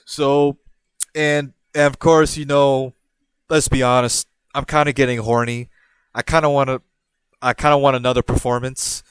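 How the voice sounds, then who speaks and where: A young man hosting a podcast, telling a rambling personal story in a casual, animated way with frequent restarts and laughs. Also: medium pitch, moderate pace, smooth, dry recording. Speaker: podcast host.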